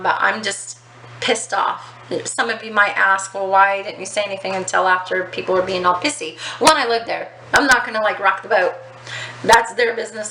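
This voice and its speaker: A woman with a bright, forceful voice tells a rambling personal story in casual vlog style. She swears freely and fills her talk with ums and likes. The recording is echoey, with faint outdoor noise behind her. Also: mid-range voice. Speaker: vlogger.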